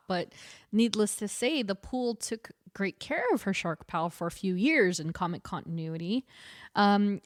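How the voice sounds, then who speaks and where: A woman's voice: mid-range voice, no room sound. A woman co-hosts a podcast and retells stories animatedly, laughing now and then. Her voice sits in the middle range and the sound is dry and close. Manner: animated, quick storytelling with laughs. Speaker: podcast co-host. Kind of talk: casual chat.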